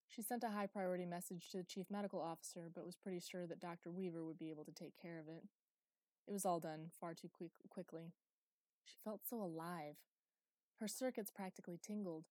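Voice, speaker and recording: A woman narrating an audiobook in a steady, even storytelling manner. Her voice sits low and warm, with a mellow tone. The recording is dry and close, with no room sound. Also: no room sound.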